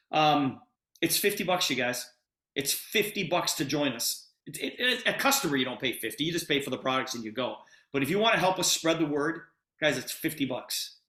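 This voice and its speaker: A man pitches urgently over a video call, stressing his points with excitement. His voice sits a bit high, and the sound comes from a roomy, echoey space. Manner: urgent, emphatic, enthusiastic. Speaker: host of a sales call.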